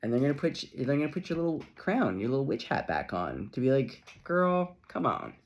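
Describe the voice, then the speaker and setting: Talking fast, a middle-aged man gives a casual tarot reading to camera, chatty and loose. His pitch swings widely and he keeps dropping playful asides and small laughs.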